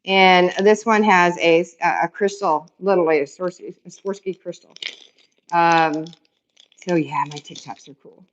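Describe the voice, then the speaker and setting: A woman showing off her handmade resin keychains in a casual, excitable, rambling vlog, repeating words for emphasis. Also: fairly low pitch, moderate pace, highs cut off, a little hiss or hum. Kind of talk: casual show-and-tell vlog.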